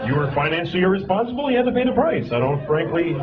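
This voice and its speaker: A man's voice: high-pitched, sing-song, fast talker, dull audio, heavy background noise. A man voicing a smug, condescending rich man in a stand-up bit. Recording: live club set, loud crowd.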